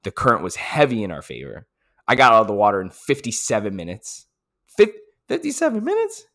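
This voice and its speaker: A man's voice: fairly low pitch, very animated, fast talker, pushed and bright. A man giving a casual, pumped-up recap of his race as a triathlete, repeating phrases and swearing for emphasis.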